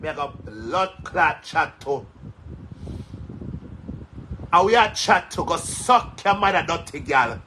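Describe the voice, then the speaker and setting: A man's voice: a little high, animated, slow pace, pauses often, pushed and bright, a little hiss or hum, rough recording. A man with a Jamaican accent, angrily ranting at his followers, cursing and repeating himself. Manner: heated, cursing, repetitive. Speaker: social media commentator. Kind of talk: angry rant to followers.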